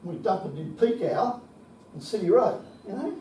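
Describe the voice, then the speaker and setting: A man's voice: high voice, expressive, moderate pace, dark tone, a little hiss or hum. Older Australian man swearing through a story. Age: 70s. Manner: salty storytelling, frequent swearing and chuckles. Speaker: conference speaker. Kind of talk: anecdotal conference talk. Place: conference hall. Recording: echoey hall, distant mic.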